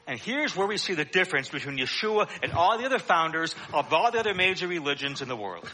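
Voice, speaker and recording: Bright, lively male preacher. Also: a little high, fast talker, hardly any pauses, a little hiss or hum. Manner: conversational teaching with frequent fillers. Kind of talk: sermon.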